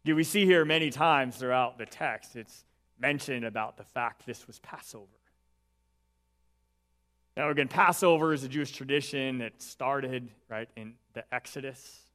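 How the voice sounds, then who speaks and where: A pastor preaching a sermon and reading scripture aloud, earnest and building emphasis, often dropping in "right" as an aside. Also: male voice, mid-range voice, a little slow, pauses often, fairly bright tone.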